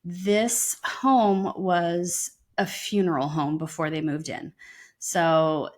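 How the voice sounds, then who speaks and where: A woman's voice: on the low side, slow pace. Woman co-host telling a story. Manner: lively retelling with frequent ums. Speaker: podcast co-host. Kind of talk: casual storytelling.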